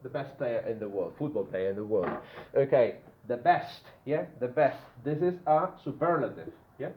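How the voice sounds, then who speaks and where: A man's voice: mid-range voice, normal speed. A man teaching a grammar lesson to a classroom, often checking in with the students with "yeah?". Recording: echoey room, tinny phone-like sound, faint noise.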